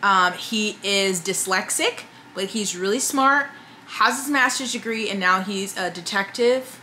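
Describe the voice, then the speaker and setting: A woman talking casually to camera as a book reviewer, chatty and opinionated, with many fillers and quick asides. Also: medium pitch, pushed and bright, slight background noise.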